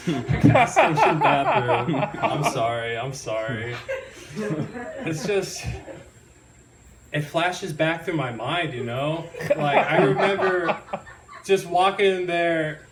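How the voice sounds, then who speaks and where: A young stand-up comedian performs a rambling set at a live comedy venue, giggling and apologizing often. His voice is a little high and slow, with long pauses. The roomy live recording is taken from a distance, with the audience present and crowd noise audible.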